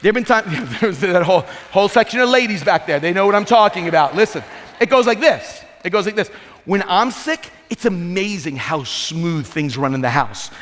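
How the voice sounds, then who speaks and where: A middle-aged male pastor preaching a sermon with animated, self-deprecating humor and frequent restarts. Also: high voice, normal speed. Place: large church sanctuary. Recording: reverberant church hall.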